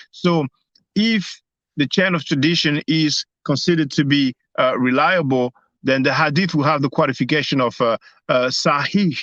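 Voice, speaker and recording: A man's voice: fairly high pitch, sharp tone, no room sound, muffled recording. A man hosting a live stream, explaining at length on his phone, hesitating often and repeating words. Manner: hesitant, many restarts and fillers. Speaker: host.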